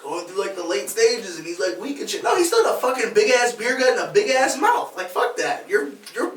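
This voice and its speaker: A man's voice: high voice, a little fast, distant mic. A man, a podcast co-host, telling a story in casual chat, acting out the voices of the people in it. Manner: animated, acts out quoted voices, laughs mid-story. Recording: roomy, off-mic podcast audio.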